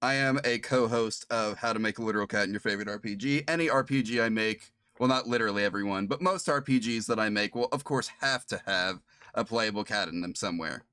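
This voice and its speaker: A man's voice: on the low side, quick pace, sharp tone, clear, resonant tone, dry recording. A man streaming as game master of a tabletop playtest, laughing often and rambling through restarts. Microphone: streaming mic.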